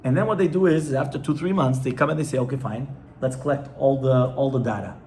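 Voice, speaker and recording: A man's voice: mid-range voice, fast, warm tone, a little hiss or hum. A man, a rabbi, teaching an informal class to a live audience in a conversational way, often stopping to ask his listeners questions.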